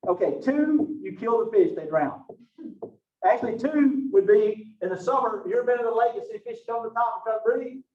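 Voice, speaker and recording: A man gives a loose, folksy classroom lecture, chatting and joking with his students as he goes. His voice sits high for a man. The room is echoey, he is heard from some distance, and the sound is dull and lo-fi. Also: normal speed. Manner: folksy and chatty, Southern phrasing. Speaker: college anatomy and physiology instructor.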